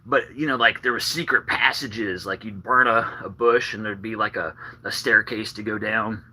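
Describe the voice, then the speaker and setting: A man talking loosely on a live stream, drifting from thought to thought with filler words and restarts. His voice is slightly husky and a little breathless, with a bright, forceful edge. He sits on the low side in pitch. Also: steady tone, normal speed, low-quality recording. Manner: meandering, lots of filler and restarts. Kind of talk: rambling casual live stream.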